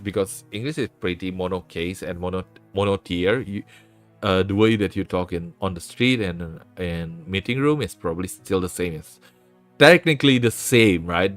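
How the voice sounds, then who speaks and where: A man's voice: on the low side, fairly bright tone, no echo. A young man with a South Jakarta accent chatting casually on a stream, rambling and self-mocking. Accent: South Jakarta (Jaksel) Indonesian. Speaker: vtuber streamer. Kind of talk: casual chat with chat, switching languages.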